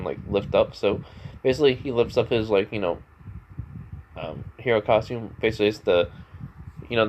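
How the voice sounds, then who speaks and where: A man's voice: mid-range voice, a little mellow, slight background noise, rough recording. A man casually retelling a fan story, rambling along with lots of "you know" and "like". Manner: rambling, full of fillers and restarts.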